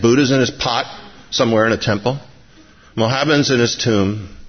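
A man preaching a sermon in a church, excitable and rising to emphatic appeals. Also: on the high side, muffled recording. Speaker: pastor. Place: church sanctuary.

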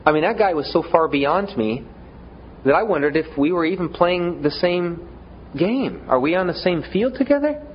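A man with a fairly high, animated voice preaches a sermon conversationally at a moderate pace, frequently stumbling over repeated words and joking at his own expense. The audio is dull, with a little hiss or hum.

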